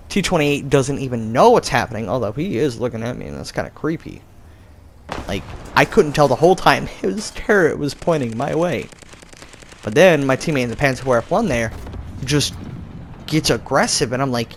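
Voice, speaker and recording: A young man giving casual gameplay commentary, telling the match as an excitable story with sudden jumps in pitch. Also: moderate pace, a little hiss or hum. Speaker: gaming YouTuber.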